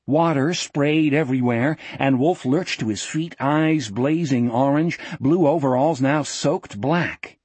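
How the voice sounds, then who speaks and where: Husky male audiobook narrator. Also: mid-range voice, unhurried, hardly any pauses, a little mellow, no echo. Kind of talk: scripted narration.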